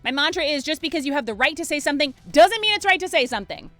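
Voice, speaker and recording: A woman's voice: sits high, lively intonation, very fast, a bit bright, no echo, faint music behind. A woman in her twenties, a streamer delivering a fired-up, emphatic rant to her chat, with some swearing. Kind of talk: livestream rant.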